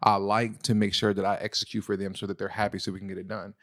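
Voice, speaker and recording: Male co-host, low and gravelly, animated casual storyteller, dry sound. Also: quick pace, no echo. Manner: animated storyteller, jumps into a high falsetto to tease. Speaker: podcast co-host. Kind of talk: casual relationship talk.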